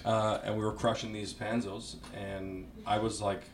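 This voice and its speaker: A man's voice: lowish voice, flat delivery, unhurried, roomy sound. A man in his thirties chats casually as a stand-up comedian guest. He tells stories with loose energy and often laughs his way through the punchlines. A faint noise sits under the recording. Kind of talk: casual podcast chat.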